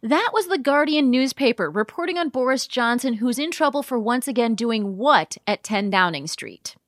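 Brief: female quiz host, high voice, dry close sound, joking scripted delivery. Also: animated, normal speed, no room sound. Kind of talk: scripted comedic quiz hosting.

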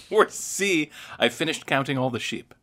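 A woman co-hosting a talk show, reading quiz options aloud in a teasing, lively way. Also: low voice, slow. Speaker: co-host.

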